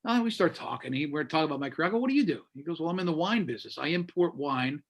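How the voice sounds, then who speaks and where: A man's voice: fairly high pitch, racing, creaky. A man, a radio host, telling a story in casual conversation and acting out the people he quotes. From United States. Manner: animated, acts out quoted voices. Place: Florida.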